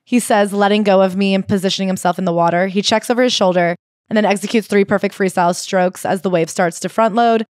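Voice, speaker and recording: A woman's voice: mid-range voice, steady tone, quick pace, darkish tone, no echo. Woman podcast co-host, sarcastic recapper, dry studio sound. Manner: sarcastic, reads passages aloud dryly. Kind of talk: casual comedic book recap.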